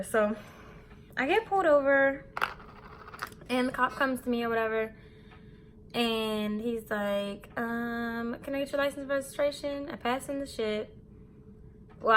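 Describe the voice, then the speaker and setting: A woman in her twenties tells a personal story in a candid, animated way, with casual swearing along the way. Her voice sits a little high. A faint hum of background noise runs under the recording. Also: normal speed, long pauses. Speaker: beauty vlogger. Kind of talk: storytime vlog while getting ready.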